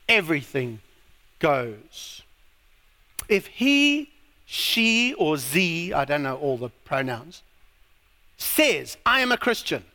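South african guy preaching, high lively voice, slow and punchy, big echoey church hall. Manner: emphatic preaching with drawn-out words. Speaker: pastor. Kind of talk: sermon. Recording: long reverb of a church hall.

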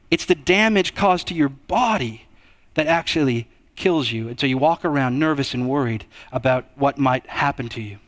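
A young man delivers a sermon with a noticeably high voice. He moves from quiet, drawn-out passages to raised, emphatic stretches. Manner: expressive, swings between hushed and raised delivery. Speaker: preacher.

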